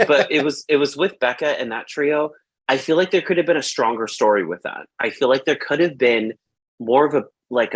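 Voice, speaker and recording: A man's voice: mid-range voice, no room sound. Rambling male host, dry sound. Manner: rambling, filler-heavy with lots of "like"; acts out his own reactions in quotes. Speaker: podcast host. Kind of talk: casual film review chat.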